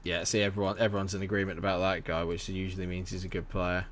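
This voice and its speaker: A young man talks through a live game stream. His voice sits a bit low. He rambles cheerfully and breaks off to answer chat messages. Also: flat delivery, quick pace, a little hiss or hum. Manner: chatty, rambling, reads chat aloud and answers it. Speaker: gaming streamer. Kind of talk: casual live-stream commentary.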